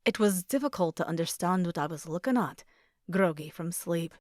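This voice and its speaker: A woman narrates a romance audiobook in a measured, expressive reading voice. Her voice sits on the low side, and the recording is dry and close with no room sound. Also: dry recording.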